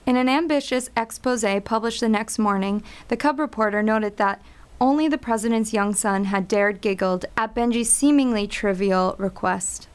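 A woman reading a scripted story in a measured, wry storytelling voice. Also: fairly high pitch, clear, resonant tone. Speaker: narrator.

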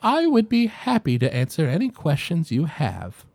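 A soft-spoken older woman neighbor from a tabletop game, courteous and a little unsure, stumbling and repeating herself as she answers, put on by the game master in a raised, lilting voice. The sound is dry and close. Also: medium pitch, huge pitch swings, normal speed, no echo. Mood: polite. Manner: gentle, hesitant, repeats words.

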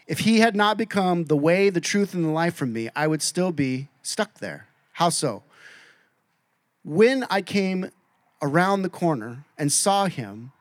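A man preaching a sermon, acting out quoted voices and swinging between loud and soft. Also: on the high side, no room sound, studio quality. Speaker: pastor.

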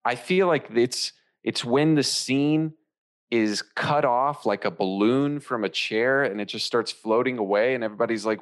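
A man's voice: medium pitch, normal speed. A man, an improviser co-hosting a podcast, chatting playfully about improv technique. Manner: playful, jokey, animated. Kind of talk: casual chat reviewing an improv show.

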